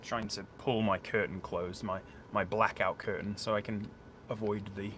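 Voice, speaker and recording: A man's voice: fairly low pitch, flat delivery, moderate pace, a bit bright. A man from a small town outside Sheffield with a South Yorkshire accent, chatting casually to viewers on a live stream as he plays a solo board game and explains the rules. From small town outside Sheffield, England. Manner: chatty, rambling, thinks aloud, talks to viewers. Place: indoors at home, curtained room. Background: faint boiler noise.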